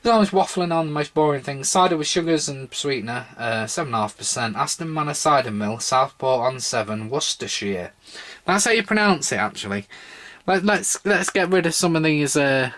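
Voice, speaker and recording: A man's voice: a little high, animated, fairly quick, fairly bright tone. Chatty tipsy guy rambling. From Britain. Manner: rambling, chatty, wry asides. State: slightly tipsy, sore throat. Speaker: drinks reviewer. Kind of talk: casual solo review vlog.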